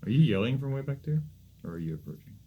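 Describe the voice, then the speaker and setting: A man's voice: mid-range voice, very animated, fast talker, warm tone, slightly rough. A man playing a tabletop game, brash and wry. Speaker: player. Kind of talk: casual tabletop play.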